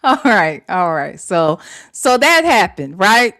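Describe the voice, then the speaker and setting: A woman's voice: mid-range voice, very animated, slow pace, fairly bright tone. A woman hosting a casual livestream, talking to her audience in a chatty way, full of slang and swearing. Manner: chatty, swears freely, lots of slang and "y'all". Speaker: host.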